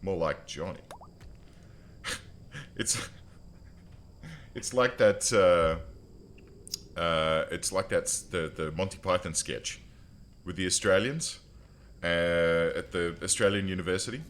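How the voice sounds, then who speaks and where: A man's voice: deep voice, slow, long pauses, a bit bright, a little hiss or hum. A man streaming a strategy game, chatting casually and joking as he talks to his viewers and to his in-game characters. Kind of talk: casual let's-play commentary.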